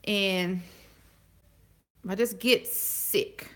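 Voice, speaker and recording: Fast-talking woman in her forties. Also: mid-range voice, steady tone, fairly bright tone. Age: 40s. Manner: fast-talking, halting, loses her words. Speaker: vlogger. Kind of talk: casual chat to a live audience.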